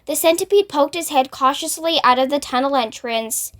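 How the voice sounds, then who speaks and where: A woman reading a children's book aloud in an expressive storytelling manner. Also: sits high, moderate pace.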